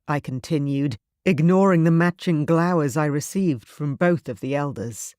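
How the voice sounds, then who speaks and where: A narrator reading a scripted audiobook in an even, measured first-person storytelling manner. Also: medium pitch, dry recording, studio quality.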